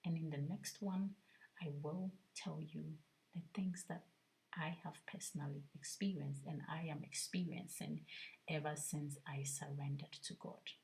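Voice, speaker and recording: A woman vlogger sharing a personal spiritual testimony, soft-spoken and often half-whispered, earnest and reflective. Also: deep voice, low-quality recording.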